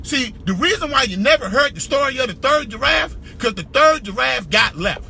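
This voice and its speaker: A man giving a motivational business talk, emphatic and repetitive, shouting for emphasis and calling out to the audience. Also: very high-pitched, expressive, moderate pace, gravelly, a little hiss or hum. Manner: preacher-like call-and-response. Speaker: business speaker.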